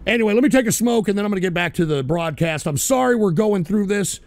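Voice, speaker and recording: A man's voice: sits high, lively intonation, quick pace, darkish tone, no echo. A man hosting a live internet call-in show, rambling, cursing and losing his temper at trolls. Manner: hot-tempered, swearing, rambling. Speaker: internet radio host. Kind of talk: profane live call-in stream.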